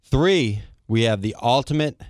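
A man's voice: medium pitch, animated, unhurried, no echo. A young man, co-hosting a casual podcast, bantering in a laid-back way and reading the show's rundown. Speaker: podcast co-host. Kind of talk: casual chat.

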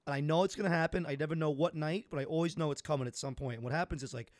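A man telling a story in quick, chatty podcast talk. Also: fairly high pitch, no room sound, studio quality. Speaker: podcast co-host. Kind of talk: casual chat.

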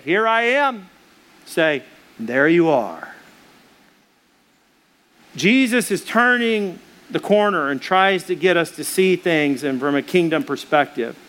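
A man's voice: a little high, a bit bright. A male pastor preaching a sermon, earnest and emphatic, speaking straight to his listeners and driving points home by repetition.

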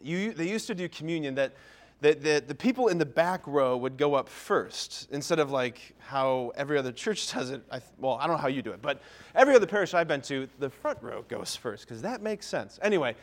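Self-deprecating priest giving a talk, slightly high. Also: male voice, lively intonation, a little fast. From Ohio. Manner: self-deprecating storyteller, keeps asking "right?". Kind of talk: humorous parish talk to parents. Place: parish hall or church.

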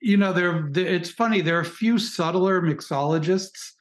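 A man co-hosting a relaxed podcast conversation. His voice sits a little above average, and he comes across as wry, often stumbling over repeated words as he builds a point. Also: high voice, normal speed. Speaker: podcast co-host. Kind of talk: casual podcast chat.

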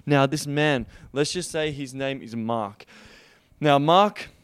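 A man's voice: mid-range voice, slow pace, clear, resonant tone, no echo. A man hosting a podcast as a sex coach, giving an emphatic motivational monologue that repeats key lines, swears freely and draws out stressed words.

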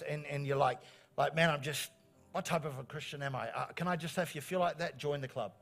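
Encouraging New pastor, somewhat high voice. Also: male voice, fast, vocal fry, faint music behind. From New Zealand. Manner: animated, encouraging, repeats phrases for emphasis. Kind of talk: sermon.

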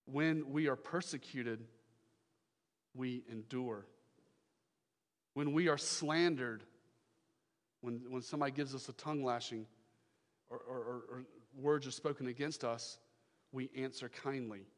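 A man's voice: mid-range voice, steady tone, unhurried, long pauses. Emphatic male pastor preaching in a hall. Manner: emphatic, repeats phrases, swings from loud to hushed. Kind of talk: sermon.

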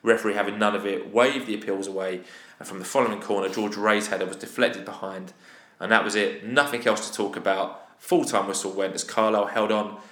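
Male podcast co-host, lowish voice, casual match review, room echo. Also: a little fast. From England. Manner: animated, exasperated opinions. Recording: roomy echo.

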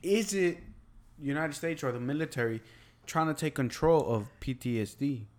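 A man's voice: a little high, normal speed. A man co-hosting a podcast, talking casually and thoughtfully, with hesitant restarts. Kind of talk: casual chat.

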